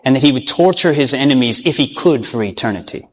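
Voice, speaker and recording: A man's voice: mid-range voice, lively intonation, fast. A man preaching by telling a parable, earnest, often restarting and repeating words. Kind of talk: sermon parable storytelling. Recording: long hall reverb.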